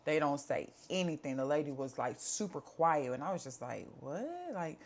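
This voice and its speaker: A woman's voice: low-pitched, fairly quick. A woman in her thirties giving a candid personal life update from home, talking conversationally and repeating herself. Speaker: vlogger.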